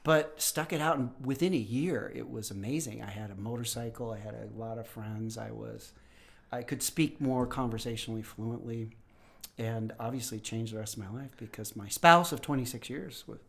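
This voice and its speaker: A man in his fifties, a professor and podcast guest, telling stories in casual conversation and clearing his throat now and then. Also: medium pitch, moderate pace, fairly bright tone. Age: 50s. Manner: storytelling, often clears throat.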